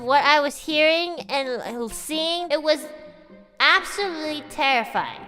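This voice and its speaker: A woman streamer telling a story in a casual, animated chat, swearing freely and laughing as she goes. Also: sits high, unhurried, soft background music.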